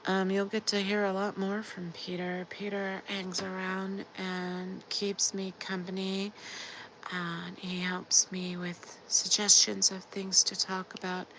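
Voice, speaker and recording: A tired woman with a sore, scratchy throat chatting casually on a late-night livestream, drifting into soft whispers. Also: medium pitch, monotone, slow. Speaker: livestream host.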